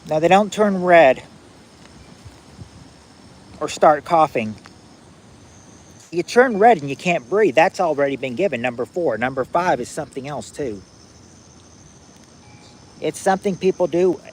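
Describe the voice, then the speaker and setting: A man hosting a casual trivia game on a livestream, reading viewers' answers aloud in a halting, repetitive way, outdoors at night on a phone. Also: on the high side, expressive, rough recording. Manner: halting and repetitive, restarting phrases, drawling out answers.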